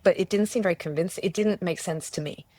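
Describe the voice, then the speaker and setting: Woman, lowish voice, earnest, searching, restarts often, dry close sound. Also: fast talker, a little mellow, dry recording. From Australia. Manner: earnest, searching, with many restarts and self-quotes. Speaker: interview guest. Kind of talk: personal testimony in conversation.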